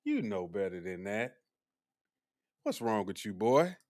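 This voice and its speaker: A young man hosting a casual live stream, animated and teasing as he talks back to his chat. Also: lowish voice, a little slow. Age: young adult.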